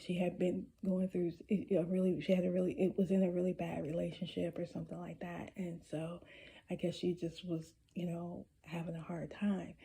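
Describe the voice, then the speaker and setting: A woman telling a personal story in a casual, halting way, with many restarts and some whispered asides. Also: lowish voice, creaky, dark tone, slightly rough. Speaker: spiritual storyteller.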